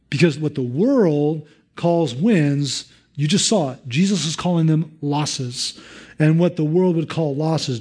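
Lively man preaching a sermon. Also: fairly high pitch. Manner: asks the listeners direct questions. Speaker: pastor.

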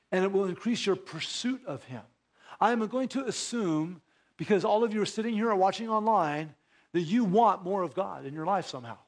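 A man preaching a sermon in a church, conversational, with rhetorical questions and acted-out bits of dialogue. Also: high voice. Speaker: pastor. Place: church sanctuary.

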